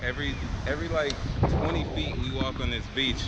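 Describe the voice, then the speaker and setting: A man's voice: medium pitch, steady tone, fairly quick, heavy background noise. A young man vlogging casually, joking and swearing as he talks. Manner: profane, joking, laughs often. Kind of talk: casual vlog chat. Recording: loud music behind. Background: loud music.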